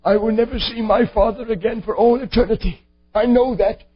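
A man's voice: high voice, steady tone, fairly quick, a little hiss or hum, natural voice. A preacher voicing his fervent father, who speaks with grief and stubborn resolve, on a dull lo-fi recording. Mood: defiant. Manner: intense, defiant. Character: fervent middle-aged father, grieving and determined.

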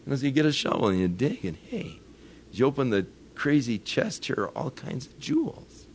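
A man's voice: medium pitch, huge pitch swings, normal speed, slight background noise. An older man preaching a sermon, telling folksy stories with chuckles and rising to earnest emphasis on his points. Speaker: pastor.

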